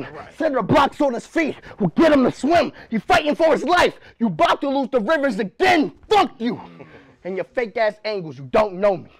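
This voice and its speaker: High-voiced battle rapper shouting bars. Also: male voice, breathy edge. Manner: aggressive, shouted punchlines and threats. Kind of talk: rap battle performance. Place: battle rap event in New York.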